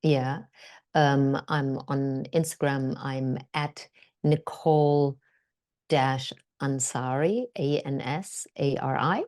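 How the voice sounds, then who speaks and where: A woman actor telling stories as a podcast guest, animated and full of fillers. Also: extremely low pitch, takes it slowly. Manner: animated, acts out quotes, many fillers. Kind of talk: conversational storytelling.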